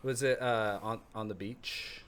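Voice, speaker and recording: A man's voice: fairly low pitch, steady tone, a little slow, fairly bright tone, clean tone. A man from the Pacific Northwest co-hosting a podcast, chiming in with jokes and laughs in a casual chat. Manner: playful, chimes in with jokes and laughs. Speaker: podcast co-host.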